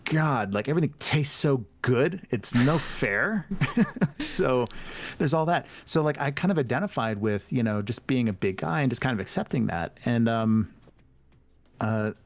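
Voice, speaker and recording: A man speaks as a guest on a casual podcast, his voice sitting at an ordinary middle pitch. He talks openly and reflectively, slipping into quoted dialogue with playful voices and laughing often. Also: lively intonation, normal speed. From United States. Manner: candid, self-reflective storyteller who acts out quoted dialogue and laughs often. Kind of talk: casual chat.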